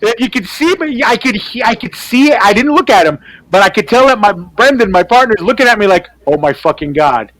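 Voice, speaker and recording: A man, an artist, chatting casually and telling animated stories, acting out other people's voices and swearing freely. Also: very high-pitched, fast, few pauses, rough recording. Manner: animated storyteller who acts out quoted voices. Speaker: artist on a team panel show. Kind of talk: casual storytelling chat.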